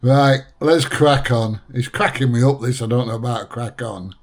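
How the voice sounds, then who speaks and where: Chatty reaction host. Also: male voice, mid-range voice, normal speed, a crowd in the background. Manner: laughing, chatty and blunt. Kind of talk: reaction commentary.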